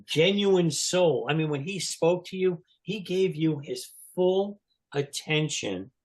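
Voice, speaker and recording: A man's voice: a little high, expressive, takes it slowly. Man, sixties, podcast guest, rambling storyteller, casual fillers. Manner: rambling, lots of "you know" fillers, laughs mid-story. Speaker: guest, longtime fan.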